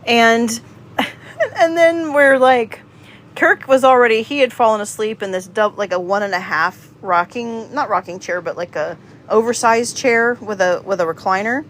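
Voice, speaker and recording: A woman's voice: medium pitch, normal speed, slight background noise. Chatty woman telling a story on a livestream. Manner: animated, acts out quotes, chats with viewers. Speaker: livestream host.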